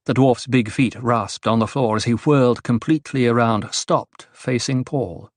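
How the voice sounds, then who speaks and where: A man narrating an audiobook in a measured, grave manner. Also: mid-range voice, no echo, clean studio sound. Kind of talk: scripted narration.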